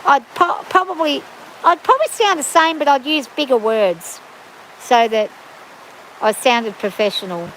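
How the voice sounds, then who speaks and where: A woman's voice: sits high, measured pace, fairly bright tone, slight background noise, low-quality recording. A middle-aged woman with an Australian bush accent, chatting casually and rambling to viewers on a livestream from her farm. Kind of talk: casual chat. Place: outdoors on a farm in the rain.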